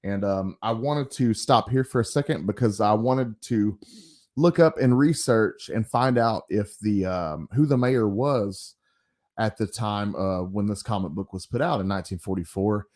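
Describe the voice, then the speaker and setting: A man giving casual commentary on an old comic book, rambling with frequent pauses and asides. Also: lowish voice, darkish tone.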